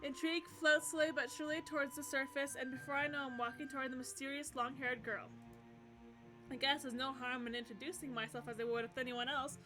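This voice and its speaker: A woman streamer reading a visual novel aloud and gushing excitedly between lines, often giggling. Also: high voice, brisk, over music.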